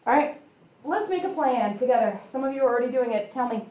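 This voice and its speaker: A woman's voice: high voice, quick pace, a little hiss or hum. A woman math teacher in a classroom, chatting with students and acting out stories about her young kids. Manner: chatty, animated storytelling, acts out her kids' lines. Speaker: high school math teacher. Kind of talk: classroom teaching with personal anecdotes.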